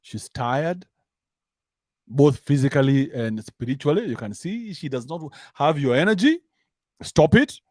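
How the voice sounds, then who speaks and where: This commentary host, a man with a Kenyan accent, rants in a crude, mocking comic style, hopping between English and slang. His voice is a little high, sing-song and slightly mellow, a bit slow, recorded in studio quality with no room sound.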